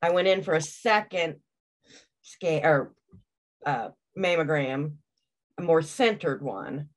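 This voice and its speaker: A woman client speaks slowly and calmly in a somewhat low voice. Her answers are plain and a little hesitant, with fillers between the facts. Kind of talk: casual conversation.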